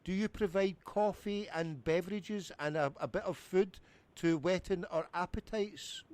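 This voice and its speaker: A man making a prank phone call, rambling in a mock-pompous, deadpan way. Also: high-pitched, a little slow. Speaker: prank caller.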